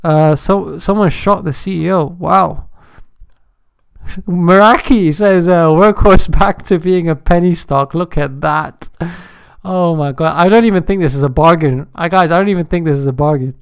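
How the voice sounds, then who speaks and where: A man hosting a day-trading livestream, chatting and joking with viewers in an animated way. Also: fairly high pitch, normal speed, creaky, clean tone, no room sound, clean studio sound. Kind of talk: casual live-stream commentary.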